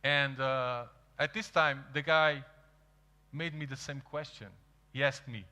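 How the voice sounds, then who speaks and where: A man with a Portuguese accent, a native Portuguese speaker, giving an animated storytelling talk to an audience and acting out quoted dialogue. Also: mid-range voice, unhurried. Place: large event hall. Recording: reverberant hall.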